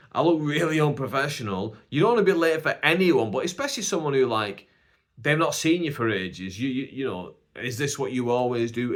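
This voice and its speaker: A man with a Greater Manchester accent hosting a podcast, telling a rambling comic story and acting out both sides of each conversation. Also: on the low side. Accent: Northern English, Greater Manchester. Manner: animated, acts out both sides of dialogue. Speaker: podcast host and stand-up comedian. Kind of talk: casual storytelling.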